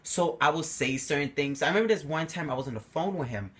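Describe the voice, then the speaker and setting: A man's voice: fairly high pitch, quick pace. A young man vlogging to camera, telling personal stories casually and acting out quotes animatedly. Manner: animated, acts out quotes with a raised voice.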